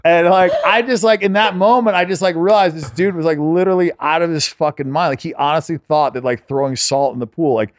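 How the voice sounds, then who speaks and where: A man's voice: a little high, fairly quick, few pauses, no room sound, clean studio sound. A man telling stories as a podcast guest in a laid-back, profane way, full of filler words. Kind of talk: casual storytelling.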